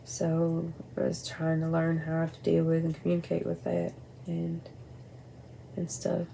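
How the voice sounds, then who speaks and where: Gravelly, candid woman rambling casually. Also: deep voice, monotone, a little slow, warm tone, slight background noise, low-quality recording. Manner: candid, rambling, blunt with swearing. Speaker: vlogger. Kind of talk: casual personal talk to camera. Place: at home by a window at night.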